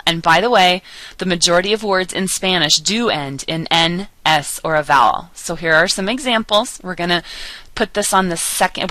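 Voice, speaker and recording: A woman giving a recorded lecture as a language teacher, patient and explanatory, slowing down to enunciate example words clearly. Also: lowish voice, bright, forceful tone, no room sound, poor audio. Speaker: Spanish teacher.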